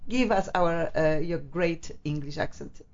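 Low-voiced woman hosting. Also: measured pace, darkish tone, lo-fi sound. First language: Polish. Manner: effusive, searching for English words. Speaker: host. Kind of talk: online interview show.

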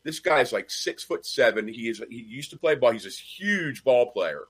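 A man co-hosting a casual chat, telling animated stories and acting out the people he quotes. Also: medium pitch, moderate pace, slightly rough. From Nashville. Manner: animated storyteller, acts out quoted voices. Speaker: co-host.

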